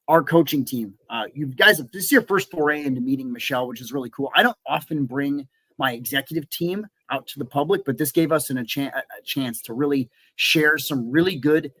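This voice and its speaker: This business coach, from southeastern Wisconsin, USA, hosts a live webinar in an upbeat, casual manner peppered with "uh" fillers and restarts. He speaks at a medium pitch in a slightly bright voice, and no room sound is audible.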